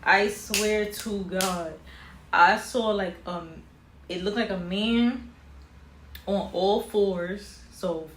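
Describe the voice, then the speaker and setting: A young woman telling a personal story in a casual vlog, animated, with casual slang. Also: lowish voice. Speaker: vlogger. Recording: roomy echo with faint ambient noise.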